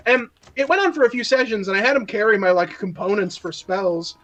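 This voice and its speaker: A man who runs tabletop games, telling a story in casual chat with friends, animated and joking, swearing freely. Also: high voice, fairly quick, highs cut off. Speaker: dungeon master and podcast co-host. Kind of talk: casual chat while gaming.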